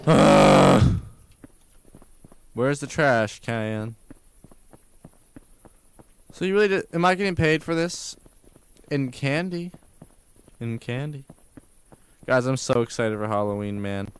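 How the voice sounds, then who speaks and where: A man's voice: medium pitch, animated, moderate pace, pauses often, clean tone. A man streaming a game live, reacting casually with jokes, swearing, laughter and sudden cries of surprise. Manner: joking, swearing, laughing aloud, outbursts of surprise. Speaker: livestreamer.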